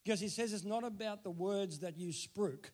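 A middle-aged man preaching a sermon, emphatic, repeating key phrases and slowing down to stress them. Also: sits high, a little mellow. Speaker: pastor.

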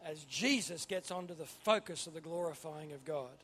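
A man preaching a sermon, swinging from quiet asides to loud emphatic bursts. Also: a little high, normal speed, husky. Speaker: pastor.

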